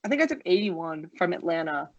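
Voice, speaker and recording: A young woman from New Jersey chats excitably on a podcast. Her voice is low-pitched and husky. It is caught dry and a little dull on a lo-fi mic. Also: brisk, dry recording. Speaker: podcast co-host. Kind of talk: casual chat.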